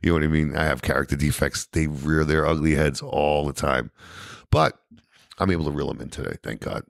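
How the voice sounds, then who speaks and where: A man with a New York accent telling his recovery story as a podcast guest, animated and peppered with "you know what I mean". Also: a bass voice, brisk, creaky, no echo, clean studio sound.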